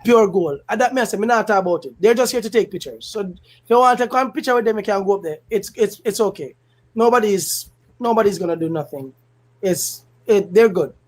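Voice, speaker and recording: This Jamaican host's voice sits high and his delivery is brisk as he leads a casual stream of political commentary. He's animated and emphatic, mixing patois with standard English and laughing while repeating lines for effect.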